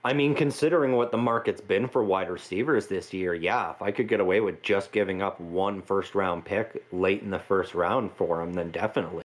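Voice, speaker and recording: A man co-hosting a casual sports podcast, calm and explanatory, with fillers. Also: low-pitched, fairly quick, few pauses. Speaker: podcast co-host.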